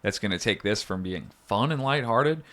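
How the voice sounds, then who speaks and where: Animated rambling podcast co-host. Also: male voice, lowish voice, normal speed. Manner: rambling, jokey storyteller. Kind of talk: casual chat. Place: studio.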